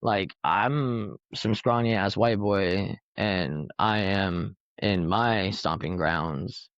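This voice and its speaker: A man's voice: lowish voice, a bit bright, clean tone, no echo. A man telling rambling, profane anecdotes in a casual podcast chat. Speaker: podcast host. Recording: dull lo-fi recording.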